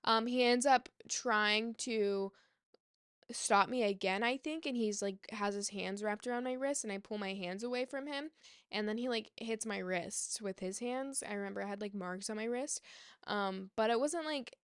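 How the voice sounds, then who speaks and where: Smooth-voiced woman telling a personal story. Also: medium pitch, no echo, studio quality. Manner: candid, halting, rambling retelling. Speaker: vlogger.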